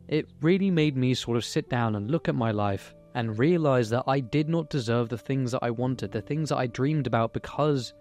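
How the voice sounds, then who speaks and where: A man's voice: mid-range voice, darkish tone. A young man, speaking candidly and earnestly in a personal motivational monologue, swearing now and then. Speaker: YouTuber.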